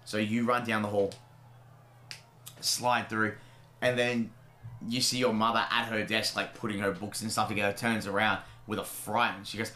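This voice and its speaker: A man's voice: lowish voice, flat delivery, pushed and bright, slight background noise. A man narrating as game master of a tabletop game in a casual, filler-heavy way, in a roomy-sounding recording. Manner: casual, fast, lots of fillers. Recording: roomy echo.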